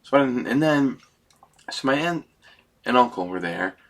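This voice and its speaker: A man's voice: medium pitch, lively intonation, measured pace. A middle-aged man talking through a personal vlog monologue, rambling and emotional, close to tears and ending many sentences with "man.".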